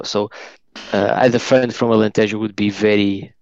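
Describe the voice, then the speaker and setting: A man's voice: fairly low pitch, little pitch movement, normal speed, no echo. A man from Portugal, chatting casually and hesitantly, with many restarts. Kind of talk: casual chat. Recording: dull lo-fi sound.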